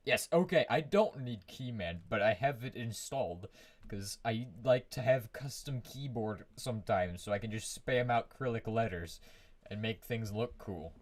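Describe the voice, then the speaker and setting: A man's voice: medium pitch, lively intonation, moderate pace. A man giving casual live commentary on his game from his own room, rambling, humming to himself and restarting his sentences often. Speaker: streamer.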